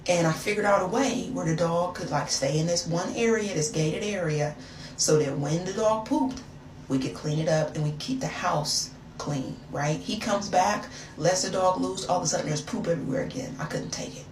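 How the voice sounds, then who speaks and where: A woman's voice: lowish voice, moderate pace. Chatty young woman telling a story. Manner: casual, chatty, sassy asides. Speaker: vlogger. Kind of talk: storytime vlog. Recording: echoey room, far from mic, noisy.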